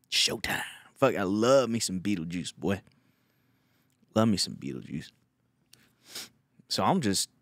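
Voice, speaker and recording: This podcast host is a young man with a low voice who spins a meandering, foul-mouthed story in a relaxed chat. The recording is dry and of studio quality.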